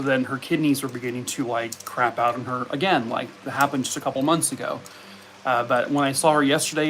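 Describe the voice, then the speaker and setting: A man's voice: medium pitch, fairly bright tone, a little hiss or hum. A man chatting casually with viewers on his live stream, reading comments and answering questions. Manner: chatty, talks to his pets in a cooing voice.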